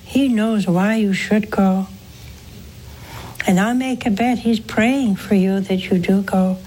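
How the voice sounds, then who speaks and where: An older woman hosting a religious call-in show, counseling a caller in a gentle, pleading, preacherly way. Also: medium pitch, takes it slowly, slight background noise. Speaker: religious TV host taking calls.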